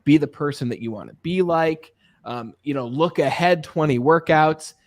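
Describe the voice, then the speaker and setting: Host, male, higher-pitched voice, lively anecdotal delivery, dry close-miked sound. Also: moderate pace, dry recording. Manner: animated, anecdotal, often asks "right?". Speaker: podcast host and sales coach. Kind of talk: casual interview chat.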